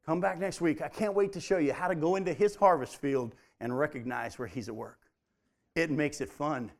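Fervent male preacher, loud then hushed. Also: on the high side, moderate pace, creaky. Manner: dynamic preaching, swinging from loud emphatic peaks to hushed near-whispers. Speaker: pastor. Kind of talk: sermon.

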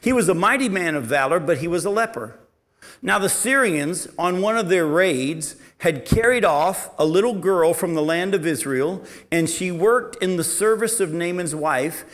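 A man preaching a sermon, reading scripture aloud and explaining it, who swings between loud emphasis and quiet asides and asks his listeners questions. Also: high-pitched, expressive, normal speed.

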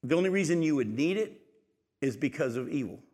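A middle-aged man preaching a sermon as pastor, emphatic and building to loud peaks. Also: fairly high pitch, lively intonation, a little fast. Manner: emphatic, rising to shouts in stories. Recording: long hall reverb.

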